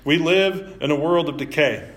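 A man preaching a sermon as pastor, talking in a relaxed, conversational way with self-deprecating asides, live-streamed from a church. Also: fairly high pitch, moderate pace.

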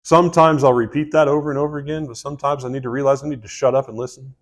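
A man's voice: medium pitch, steady tone, very fast. A man preaching a sermon in a folksy, conversational way, with asides and restarts. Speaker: pastor.

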